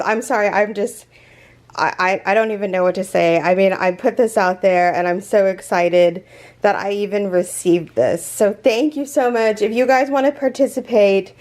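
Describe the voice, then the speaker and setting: A woman hosting a crochet channel, chatting through a casual unboxing vlog in an excitable, gushing way, rambling with fillers and restarts. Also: medium pitch.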